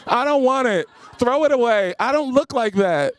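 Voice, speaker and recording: A man voicing an annoyed young woman at a nightclub, high and indignant. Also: animated, normal speed. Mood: horrified.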